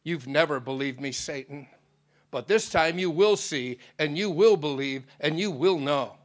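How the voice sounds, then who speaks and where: A man's voice: fairly high pitch, expressive, a little slow. A preacher voicing God the Father as a commanding, loving deity who speaks in solemn, resounding proclamations. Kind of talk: dramatic sermon storytelling.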